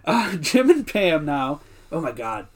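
A woman's voice: low voice, big pitch swings. Giggly woman recapping a show. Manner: giggly, gushing, quick asides. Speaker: podcast co-host. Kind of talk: casual recap chat.

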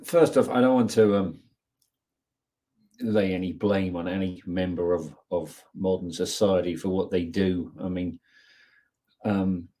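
A man co-hosting a casual talk show, speaking hesitantly with many fillers. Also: sits low. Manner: hesitant, filler-heavy, gentle. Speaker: podcast co-host. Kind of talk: casual chat.

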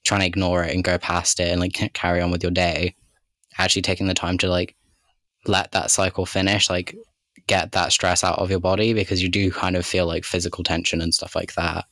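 Male podcast co-host, very low voice, dry close sound, rambling chat full of fillers. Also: completely flat delivery, fairly quick, bright, forceful tone, no echo. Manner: rambling, heavy use of "like" and "kind of". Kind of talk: casual chat.

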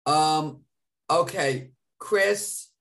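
A man's voice: a little high, drawn-out words, fairly bright tone. A man co-hosting a live podcast, talking in an effusive, emotional, gushing way. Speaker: podcast co-host.

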